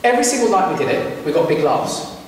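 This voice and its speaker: A man's voice: fairly high pitch, big pitch swings, fast, slight background noise. Chatty man telling stories in a hall. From Britain. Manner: chatty, asks the audience questions. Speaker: entertainer speaking to young people. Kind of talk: storytelling talk to a live audience. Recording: echoey hall from far off.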